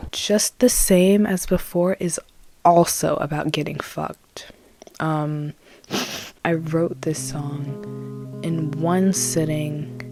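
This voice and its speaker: A young woman in her late teens, a musician talking casually and dramatically about her songs. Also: low voice. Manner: animated, dramatic and candid. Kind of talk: casual vlog talk.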